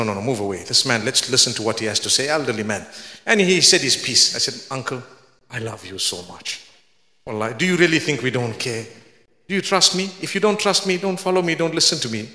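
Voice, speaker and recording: High, bright-voiced man preaching in an echoey hall. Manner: earnest and pleading, building to fervent near-shouts. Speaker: Islamic preacher. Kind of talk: lecture-style sermon. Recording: echoey hall with long reverb.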